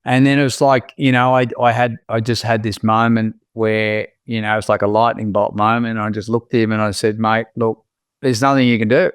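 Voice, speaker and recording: An Australian man, a podcast guest, telling his personal story in a reflective, halting way with many restarts. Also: on the low side, level tone, clear, resonant tone, no room sound, clean studio sound.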